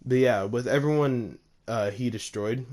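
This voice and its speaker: A man's voice: medium pitch, a little slow, a little mellow. A man casually narrating a fan-made story, rambling with lots of fillers and laughing at his own slips.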